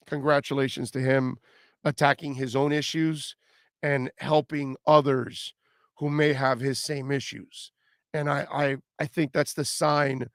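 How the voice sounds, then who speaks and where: Gravelly-voiced male sports radio host. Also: medium pitch, no echo, studio quality. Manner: chatty, fillers and repeated words. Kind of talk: casual sports talk radio.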